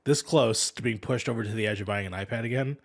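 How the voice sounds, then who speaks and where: A man's voice: medium pitch, quick pace, creaky, breathy edge. A man co-hosting a casual chat over a video call, talking bluntly and swearing freely. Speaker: podcast co-host.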